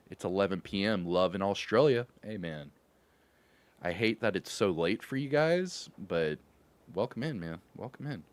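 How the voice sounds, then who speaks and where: Man, livestream host, fairly low voice, lively swings in pitch, casual slangy chat, hyped. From Louisville, Kentucky. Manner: upbeat, hyped greetings, laughs often, slangy.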